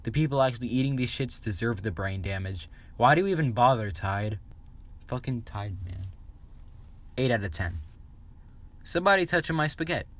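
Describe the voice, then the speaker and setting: A man's voice: on the low side, moderate pace. A young man giving a sarcastic, swearing comedic review of internet memes. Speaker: meme commentary YouTuber.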